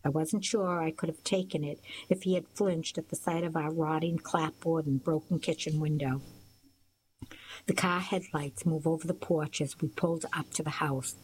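A woman narrating a first-person novel as an audiobook, in a steady storytelling manner. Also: deep voice, moderate pace, slight background noise, rough recording.

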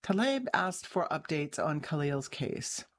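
A woman journalist reading her own article aloud in a measured, even way, with an occasional restart. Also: low voice. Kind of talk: scripted narration.

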